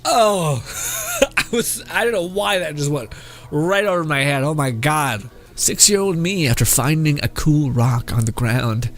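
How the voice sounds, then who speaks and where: A man's voice: fairly high pitch, lively intonation, normal speed, a bit bright. Laughing, rambling young man. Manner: laughs often, rambling and profane. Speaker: streamer reacting to memes. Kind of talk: casual reaction commentary.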